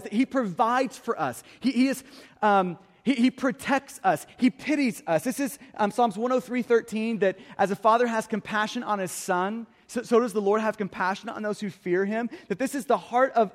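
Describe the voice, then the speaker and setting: Earnest preacher guy, high voice, stumbles and repeats words, big echoey church hall. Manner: earnest, repeats words when starting phrases. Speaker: pastor. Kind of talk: sermon.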